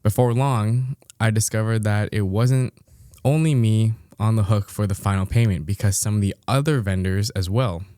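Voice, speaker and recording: A man's voice: on the low side, normal speed, few pauses, mellow, no echo. A young man co-hosting a podcast, reading a listener's story aloud with dry, amused remarks and frequent laughter. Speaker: podcast co-host.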